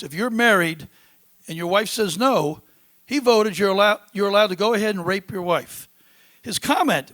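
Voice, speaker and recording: A man's voice: sits high, fairly bright tone. A man answering as a congressional candidate in a debate forum, earnest and emphatic with frequent fillers.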